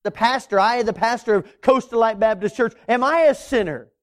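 Middle-aged male pastor, high voice, preaching a sermon with swells, drops and stretched words. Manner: preacherly, swells and drops in volume, drawn-out emphasis. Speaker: Baptist pastor.

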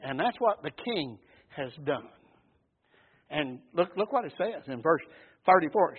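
A man's voice: on the high side, expressive, moderate pace, husky. A man preaching a sermon in a folksy, emphatic way, often calling out for an amen. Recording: tinny phone-like sound.

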